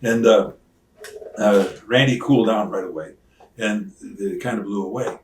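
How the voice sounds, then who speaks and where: In a relaxed interview, an older former wrestler spins animated stories, voicing what other people said. His voice is lowish and unhurried. A distant mic makes it sound roomy, with slight background noise.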